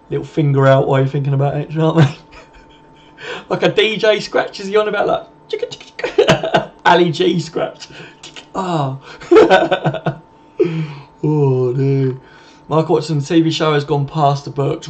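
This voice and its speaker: A man's voice: a little high, darkish tone, dull audio, slight background noise. A man hosting a live stream, reading comments aloud and bantering in a laddish, swearing, jokey way.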